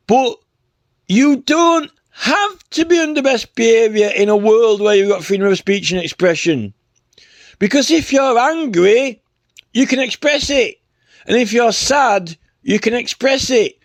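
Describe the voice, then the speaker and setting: A man with an extremely high-pitched voice, recorded with no echo, rants off the cuff. His casual spoken rant rambles, sarcastic and mocking, stuffed with "you know" and "right?".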